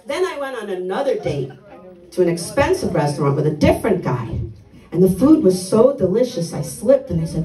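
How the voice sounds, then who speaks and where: A woman's voice: on the low side, big pitch swings, fairly quick, reverberant, recorded from a distance, some chatter behind, low-quality recording. Older woman with blunt stand-up one-liners. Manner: blunt, dark one-liners with punchy delivery. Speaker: stand-up comedian. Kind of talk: stand-up comedy set. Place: comedy club stage.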